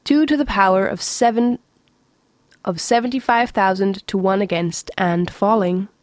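Woman doing a calm, pleasant ship's voice. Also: mid-range voice, moderate pace, no room sound, clean studio sound, natural voice. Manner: pleasant, sensible, level announcements.

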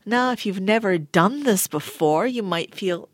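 A woman giving a motivational talk and guiding affirmations in a studio, animated, laughing often and dropping into soft whispers. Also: mid-range voice, measured pace, no room sound. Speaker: wellness speaker. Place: studio with a sound engineer.

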